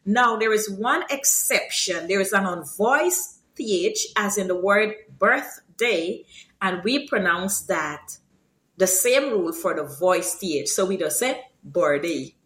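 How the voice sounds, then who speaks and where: This language teacher, a woman from Guyana with a Guyanese accent, explains Creolese at an easy pace in a casual lesson and bursts into high, lively examples. The recording has a roomy sound.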